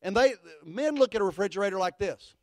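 A man's voice: high-pitched, quick pace, dry recording. Folksy preacher man. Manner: folksy, animated storyteller who builds to fervent declarations. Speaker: pastor. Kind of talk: storytelling sermon.

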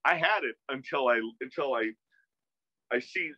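A man tells a story as a casual interview guest, his tone very bright and forceful. He acts out other people's lines as he goes and often restarts his sentences. The video-call audio is dry and dull. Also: mid-range voice, normal speed, no echo. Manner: animated, acts out quoted dialogue, many restarts.

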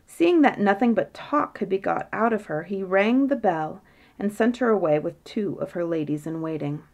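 Woman gently reading a bedtime story. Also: mid-range voice, expressive, moderate pace.

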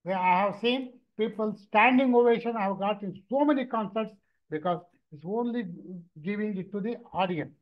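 A man, a mridangam teacher and therapist, telling stories in an animated lecture, often repeating and restarting words. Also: sits high, normal speed. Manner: animated storytelling, frequent repetitions and restarts. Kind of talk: lecture with anecdotes. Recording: dull lo-fi recording.

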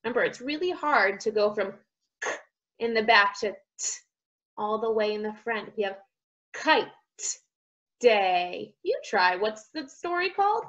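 A young woman, a speech therapist, reading a picture book to children, slowly modeling sounds and praising each try. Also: mid-range voice, expressive, a bit bright, lo-fi sound. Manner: slow, drawn-out modeling of sounds, encouraging praise.

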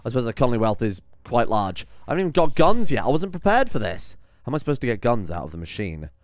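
A man giving casual let's-play commentary, often exasperated, swearing and swinging loud when things go wrong. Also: mid-range voice, big pitch swings, fast, no room sound. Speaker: gaming commentator.

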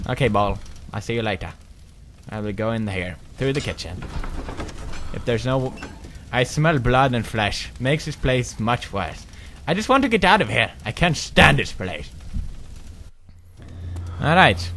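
A man giving goofy, jumpy commentary as he plays a horror game, with sudden loud outbursts. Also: mid-range voice, lively intonation, a little slow, long pauses, a little hiss or hum. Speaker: gaming commentator.

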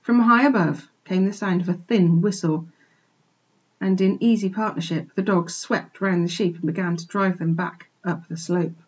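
A woman teacher expressively reading a children's book aloud for a remote class, pausing to point out pictures, on a dull lo-fi recording. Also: fairly low pitch, slightly rough. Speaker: primary school teacher. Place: home, remote lesson.

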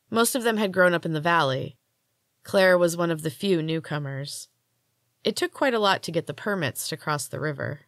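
A woman hosting a podcast, reading her own fiction aloud in a calm, measured storytelling manner. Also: sits low, dry recording, studio quality. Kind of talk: audiobook-style story narration.

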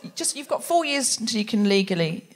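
A woman's voice: a little high, very animated, quick pace. A woman hosting a live comedy podcast, teasing her co-host with laughing asides. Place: live show in a theatre. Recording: live stage recording with background noise.

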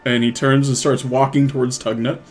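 Man, game master, animated narration, laughs a lot, faint music behind. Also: mid-range voice, moderate pace. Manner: animated, laughs often, restarts.

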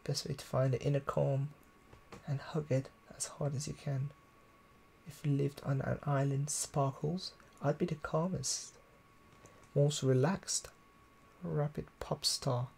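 A man's voice: medium pitch, fairly even intonation, unhurried, vocal fry, darkish tone, slight background noise. A man reading as a peppy rabbit pop star. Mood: perky, boastful. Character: peppy female rabbit islander, self-admiring pop star.

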